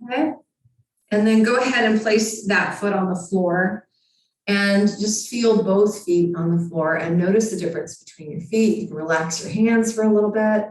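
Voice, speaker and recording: Recorded in a very echoey room well away from the microphone, a woman guides a yoga practice, offering calm and encouraging instructions one step at a time. Her mid-range voice moves at a normal speed.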